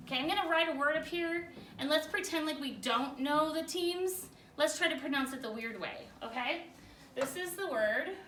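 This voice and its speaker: A woman teacher leading a spelling lesson for a class, energetic, often stopping to check in with questions. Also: high-pitched, moderate pace, a little hiss or hum. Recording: echoey room, far from the mic.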